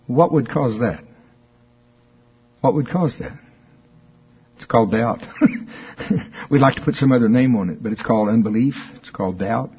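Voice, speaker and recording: Male preacher, husky, chatty and repetitive, dull lo-fi sound. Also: medium pitch. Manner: conversational, repetitive, chuckles often. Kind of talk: informal sermon with spoken confessions.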